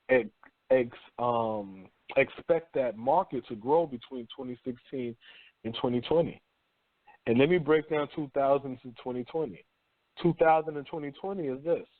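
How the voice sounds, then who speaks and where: This mid-range male voice belongs to a radio talk show host delivering a rambling, foul-mouthed, slang-heavy monologue. He performs mock voices of the people in his animated stories. The sound is tinny and phone-like, with no room echo.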